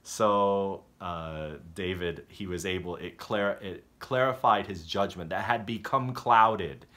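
A male pastor with a low voice delivers an unpolished, conversational sermon. He hesitates and restarts often, then breaks into lively acted-out character lines while retelling stories. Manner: halting, self-correcting delivery that acts out story characters.

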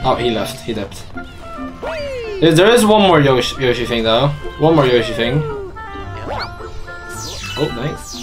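A man's voice: medium pitch, expressive, unhurried, long pauses. A young man streaming a video game, chatting casually and laughing with a friend while fussing over audio levels. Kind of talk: casual gaming chat. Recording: game music playing under the voice. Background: game music.

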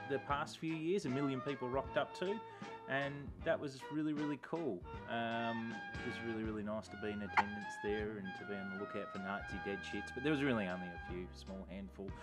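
Sardonic, profane Australian man. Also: mid-range voice. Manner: sardonic, profane, deadpan jokes. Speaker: activist vlogger and host. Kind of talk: comic year-in-review monologue.

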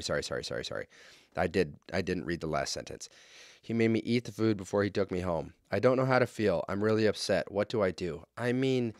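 A man's voice: lowish voice, dry recording, studio quality. A young man co-hosting a casual podcast, reading out listener letters and ranting about them in a heated, sarcastic, heavily profane way. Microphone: studio podcast mic.

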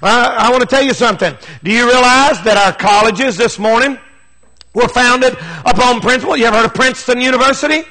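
Preaching with fervor, this man drives his points home by repeating them, his plain, folksy language frequently swelling into shouts. His voice is very high, bright and forceful, fairly quick, in a low-quality recording.

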